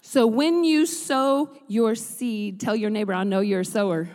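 A woman pastor preaching a sermon in a church, swinging from chatty, joking asides into loud, rhythmic preaching. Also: on the high side, unhurried. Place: church sanctuary. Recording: long reverb of a large hall.

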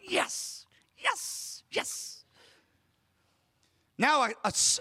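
Male pastor, sermon, very high voice, lively pitch, acts out conversations. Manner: emphatic, acts out dialogue in storytelling.

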